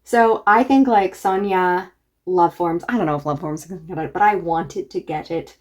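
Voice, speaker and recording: A woman's voice: lowish voice, normal speed, darkish tone. A woman book reviewer talking casually and enthusiastically in a reaction vlog. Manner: enthusiastic, chatty.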